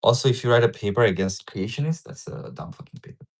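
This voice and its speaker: On a livestream, a man with a low voice talks quickly and expressively as he goes through a paper. He wanders off track, says words twice, and curses casually.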